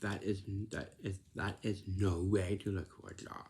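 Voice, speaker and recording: A man talking casually to camera with job-hunting advice in simple, plain words, often halting and repeating himself as he lectures. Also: sits low, level tone, darkish tone, a little hiss or hum. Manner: repetitive, halting, restarts phrases often.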